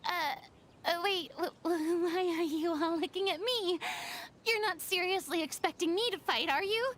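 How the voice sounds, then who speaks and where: An actress playing a proud, dramatic young former goddess in a video game, with a showy, self-mocking manner. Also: female voice, extremely high pitch, normal speed, a bit bright, a little hiss or hum. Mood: flamboyant. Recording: game audio with music behind.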